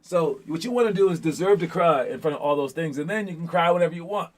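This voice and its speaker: High-voiced, energetic basketball coach. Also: male voice, fast talker. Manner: energetic, keeps checking in with "all right?"; rambling, repeats words while thinking. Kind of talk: casual pep talk to young players.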